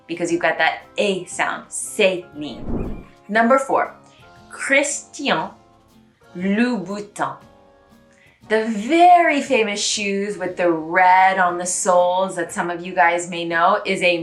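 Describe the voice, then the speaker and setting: A young American woman giving a casual pronunciation lesson, chatty and repeating words slowly to drill them. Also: on the low side, a bit bright. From United States. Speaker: language teacher.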